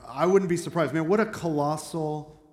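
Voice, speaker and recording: A man's sermon comes across as conversational, with the pastor asking the congregation questions as he goes. He speaks at normal speed in a slightly high voice, recorded in an echoey hall with long reverb.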